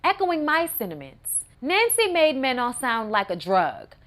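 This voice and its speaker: Sassy, animated woman recapping a movie. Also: high-pitched, a little slow. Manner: sassy, wry, animated asides. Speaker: movie reviewer. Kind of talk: casual recap and commentary.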